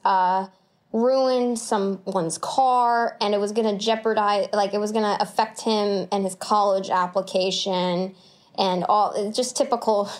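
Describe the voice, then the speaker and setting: A chatty young woman in her twenties tells her stories as an interview guest. Her voice sits a little high, and she talks in an animated way with plenty of fillers. The delivery is casual and conversational. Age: 20s. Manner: animated, chatty, frequent laughs and filler words.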